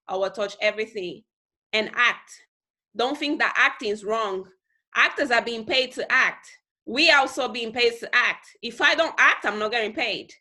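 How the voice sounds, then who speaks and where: A woman giving a motivational talk to her team on a video call, emphatic and repeating phrases for stress. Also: sharp tone. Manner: mimics other people in high squeaky voices. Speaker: team leader on a group call.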